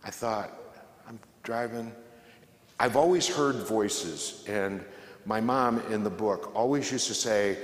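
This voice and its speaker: A man's voice: fairly low pitch, slow pace. Middle-aged guy spinning a funny story in a big church hall, voices the people in it, roomy echo. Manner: conversational, humorous, acts out the voices in his story. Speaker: guest speaker, former radio host. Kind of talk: storytelling talk to a church audience. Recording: echoey hall with long reverb.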